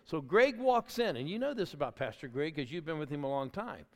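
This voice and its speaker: An older man preaching a lively sermon with church stories, exuberantly calling on the congregation to cheer. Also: on the high side, brisk. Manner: exuberant, calls on the crowd to applaud. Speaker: church planting pastor. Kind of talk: energetic sermon storytelling. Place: large church auditorium. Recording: long hall reverb.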